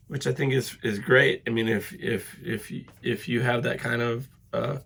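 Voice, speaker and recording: A middle-aged podcast host talks in a loose, rambling way, full of fillers and pauses. He is sick and congested and keeps clearing his throat. His voice has a gravelly, fry-laden edge at a medium pitch. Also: steady tone, a bit bright. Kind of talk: casual solo podcast talk.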